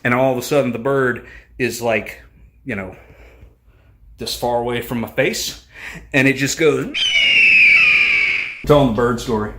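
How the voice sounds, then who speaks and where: A man in his thirties, a family vlogger, telling a long story in a rambling, animated way with lots of fillers. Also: mid-range voice, a little slow, pauses often, slight background noise. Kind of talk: casual storytelling vlog.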